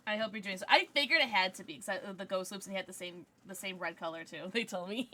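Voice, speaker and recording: A young woman livestreaming from home, chatting casually and gushing excitedly as she thanks viewers for gifts. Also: medium pitch, moderate pace.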